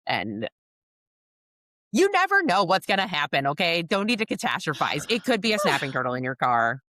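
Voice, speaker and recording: A woman co-hosting a podcast, chatting casually and telling animated stories with frequent laughter. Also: on the low side, normal speed, no room sound. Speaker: podcast co-host and coach. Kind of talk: casual conversational storytelling.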